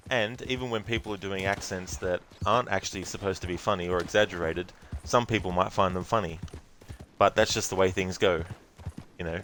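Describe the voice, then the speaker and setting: A man's voice: deep voice, fairly even intonation, brisk, fairly bright tone, a little hiss or hum. A man giving casual, rambling commentary while playing a game. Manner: chatty, rambling, musing aloud. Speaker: gameplay streamer.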